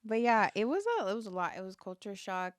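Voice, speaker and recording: Smooth-voiced young woman from Jamaica. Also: medium pitch, fairly even intonation, no echo, studio quality. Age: 20s. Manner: playful, jokey, quick to laugh. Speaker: guest, model and actress. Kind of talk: casual chat.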